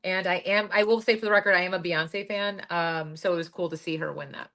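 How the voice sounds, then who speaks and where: A woman's voice: lowish voice, fairly even intonation, fairly quick, a bit bright. A woman co-hosting a podcast, talking casually with lots of fillers and restarts. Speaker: podcast co-host. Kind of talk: casual chat.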